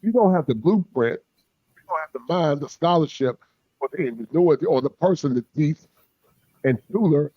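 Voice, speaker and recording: A man's voice: on the high side, dark tone, no echo, highs cut off. A man hosting an interview, asking long questions and affirming his guest often. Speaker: host, interviewer. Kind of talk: casual conversational interview.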